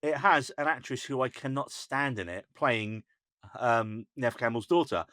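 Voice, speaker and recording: A man co-hosting a podcast in casual chat, animated, mocking and sweary. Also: medium pitch, moderate pace, dry recording, studio quality. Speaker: podcast co-host.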